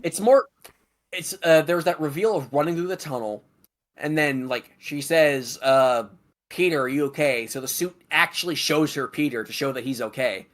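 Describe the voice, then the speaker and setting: A man's voice: fairly high pitch, normal speed, fairly bright tone. A man co-hosting a stream, giving strong opinions and swearing freely while talking about a video game. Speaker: stream moderator and co-host.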